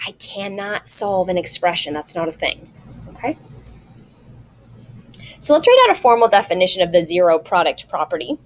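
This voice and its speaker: A woman's voice: lowish voice, animated, normal speed, pauses often. A woman math teacher recording a video lesson, explaining each step patiently and checking in with rhetorical questions.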